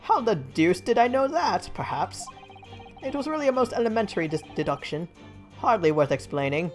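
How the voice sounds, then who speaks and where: A woman's voice: mid-range voice, very animated, normal speed, faint music behind, close to an everyday voice. A woman voicing a pompous, eccentric British male detective in a theatrical, grandiloquent manner, with a put-on British accent. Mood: grandiose. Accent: attempted British.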